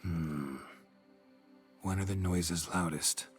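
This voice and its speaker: A man's voice: sits low, fairly even intonation, takes it slowly, faint music behind. A man voicing a blunt, dry, terse monster hunter in a video game. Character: gruff weary male monster hunter. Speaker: game protagonist.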